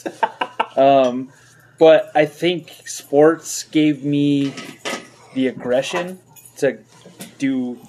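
A man's voice: mid-range voice, fairly even intonation, extremely slow, pauses often, warm tone, slight background noise. A man chatting casually and bluntly, swearing and saying "like" a lot. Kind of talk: casual chat.

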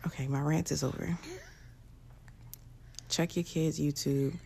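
A woman's voice: sits low, steady tone, takes it slowly, gravelly, a little mellow, slight background noise. A young woman, ranting bluntly and profanely to camera in a casual vlog. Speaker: vlogger.

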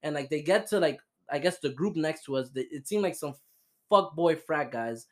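A man's voice: fairly high pitch, expressive, normal speed. Young man, casual swearing podcast host. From Florida. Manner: swearing, laughing storyteller. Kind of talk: casual chat.

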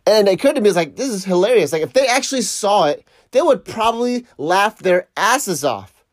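A man's voice: sits high, very animated, normal speed, dry recording, clean studio sound. A man telling a story casually, swearing and laughing as he reflects on a mishap while surfing. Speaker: surf vlogger.

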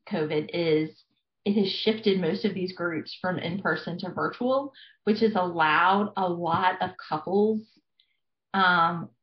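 A woman in her thirties, a family therapist, explaining things earnestly in a conversational interview with frequent fillers. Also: lowish voice. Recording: echoey, dull lo-fi sound.

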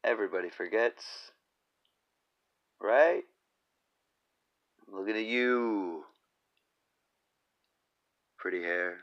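A podcast host rambles alone through a comedic solo monologue, peppering his jokes with profane, self-deprecating asides. His voice is on the low side and creaky, slow with long pauses, and the recording has its highs cut off.

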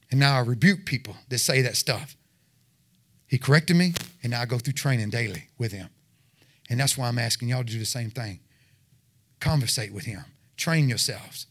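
A man giving a fervent testimony sermon, exhorting listeners and breaking into shouted roars. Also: medium pitch, slightly rough. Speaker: lay preacher.

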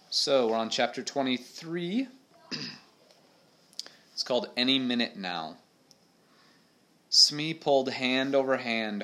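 A man, a teacher, reading a chapter book aloud to young schoolchildren in a steady storytelling voice. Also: medium pitch, poor audio.

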